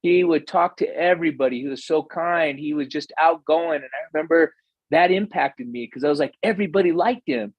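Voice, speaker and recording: A man's voice: fairly high pitch, fairly quick, slightly rough, no echo, highs cut off. A man, a guest on a podcast, telling earnest personal stories in a reflective conversational way, with some fillers. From United States. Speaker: podcast guest, real estate investor. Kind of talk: storytelling in conversation.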